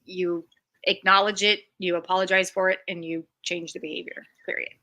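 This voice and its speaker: A woman's voice: on the low side, flat delivery, normal speed, sharp tone. A woman streamer giving frank, emphatic commentary in casual chat.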